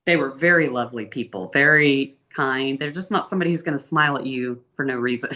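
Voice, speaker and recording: A middle-aged woman, the interview guest, telling her travel stories in a chatty, animated way. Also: brisk. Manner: chatty, animated storytelling with big pitch lifts. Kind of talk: casual interview storytelling.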